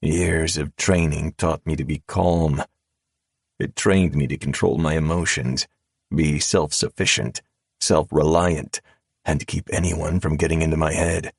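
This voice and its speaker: A man narrating a first-person audiobook in a calm, cold drawl. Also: very deep voice, a little slow, gravelly, husky, dry recording, studio quality.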